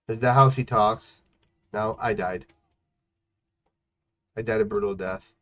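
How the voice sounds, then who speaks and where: A man casually chatting while streaming a game, playful and teasing, with sudden loud outbursts and sing-song scatting. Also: mid-range voice, animated, slow, pauses often. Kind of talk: casual gaming stream chat. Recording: muffled lo-fi stream audio.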